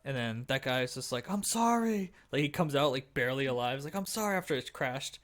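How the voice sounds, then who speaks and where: A man's voice: medium pitch, fairly even intonation, fast talker, fairly bright tone. A young man co-hosting a podcast, casually retelling a movie plot, rambling with lots of fillers and bursting into acted-out lines. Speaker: podcast co-host. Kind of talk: casual chat recapping a movie.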